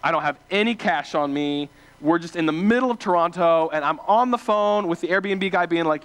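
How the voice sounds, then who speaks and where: High-voiced young man preaching casually. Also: normal speed. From small-town Ohio, USA. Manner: animated, self-deprecating, many fillers and restarts. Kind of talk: casual storytelling sermon.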